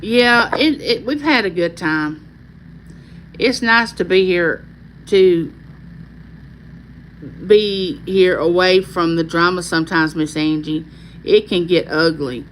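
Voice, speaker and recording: A woman's voice: lowish voice, slow pace, long pauses, slight background noise, low-quality recording. A woman with a Southern accent hosting a casual live stream, chatting and reading viewer comments aloud in a friendly, folksy drawl. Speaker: YouTube host on a live stream.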